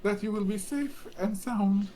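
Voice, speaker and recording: A man's voice: high voice, measured pace, mellow, slight background noise, voice pushed up. A man voicing a pompous, self-important male town official giving a grand public speech. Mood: grandiose.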